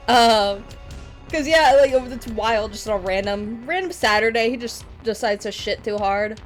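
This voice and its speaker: A woman's voice: a little high, unhurried. A woman streamer chatting casually, rambling with lots of laughter and swearing. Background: metal music.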